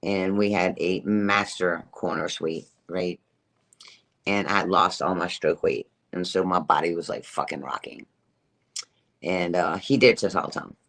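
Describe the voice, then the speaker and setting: A woman's voice: very deep voice, fairly even intonation, unhurried, a bit bright. A middle-aged woman telling a personal story to her live chat, emphatic, repetitive and profane, laughing as she goes. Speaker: livestreamer.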